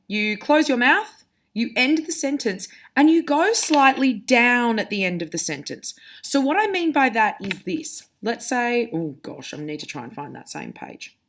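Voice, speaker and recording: In a recorded lesson, a female teacher addresses her pupils directly, explaining things clearly one step at a time. Her mid-range voice is fairly bright, and there's a little hiss or hum in the audio.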